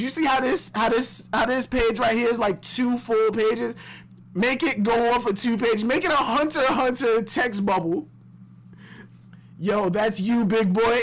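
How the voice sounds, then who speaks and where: Hyped streamer guy reacting live, slangy, keeps yelling high and laughing, repeats stuff. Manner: excitable, bursts into high shouts and laughter. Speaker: streamer reacting to a comic chapter.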